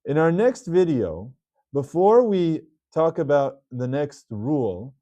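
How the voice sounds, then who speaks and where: A man teaching Hebrew reading rules in a patient video lesson, repeating key words slowly. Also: medium pitch, mellow, no echo, lo-fi sound.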